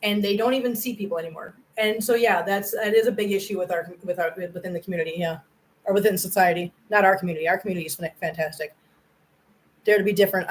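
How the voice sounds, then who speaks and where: Here the audio is poor, carrying a mid-range female voice belonging to a middle-aged woman who runs a cat channel livestream. She chats casually through viewer comments, earnest and effusive, and grows emotional in her praise of viewers.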